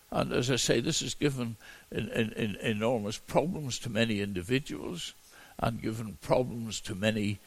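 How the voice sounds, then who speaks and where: A man gives an expository sermon at an unhurried pace. His voice is deeply gravelly and husky. He stumbles and restarts often as he works through the verses. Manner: halting delivery with frequent repeated words and restarts. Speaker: preacher. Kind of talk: expository Bible teaching.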